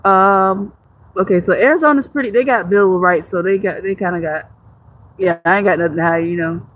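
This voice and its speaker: A woman's voice: mid-range voice, brisk, fairly bright tone. A woman live streamer chatting casually with viewers, joking and swearing freely, rambling with frequent restarts. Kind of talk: casual livestream chat reading viewer comments.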